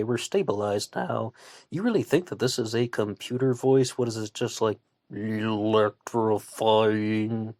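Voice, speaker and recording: A man with a fairly low voice hosts his show in a relaxed monologue. He meets critics with dry sarcasm. The sound is close and dead, with no room in it. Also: dry recording. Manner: conversational, with sarcastic asides. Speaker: online radio show host. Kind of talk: casual monologue.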